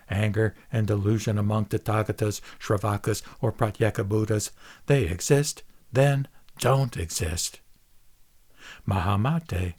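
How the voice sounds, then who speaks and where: A man reading a Buddhist scripture aloud in a measured, solemn recitation. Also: fairly low pitch, a little mellow. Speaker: reader.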